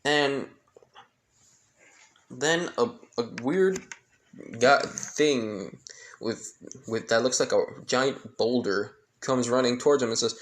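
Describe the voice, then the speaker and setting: Guy slowly retelling a fan story, rambly, trips over the names, plain mid voice. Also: mid-range voice, slight background noise. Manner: rambling, halting, loses track of names.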